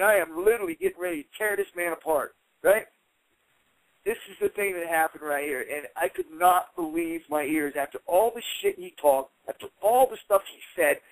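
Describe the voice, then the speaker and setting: A middle-aged man telling a story in a casual interview, animated and heated as he retells it. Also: high-pitched, dry recording, rough recording. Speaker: interview guest.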